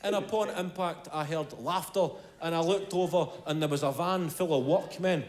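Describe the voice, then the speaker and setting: A man doing a stand-up comedy routine, telling stories with animated bursts and shouted impressions. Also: fairly high pitch, moderate pace. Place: large live comedy venue. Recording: echoey live venue with audience laughter. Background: crowd laughing.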